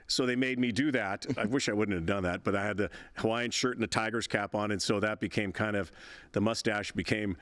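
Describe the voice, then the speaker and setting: A man's voice: fairly low pitch, fairly even intonation, brisk, fairly bright tone, dry recording. A man in his sixties, a veteran broadcaster and interview guest, telling stories in a chatty, rambling way with frequent laughs and restarts. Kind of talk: casual interview storytelling.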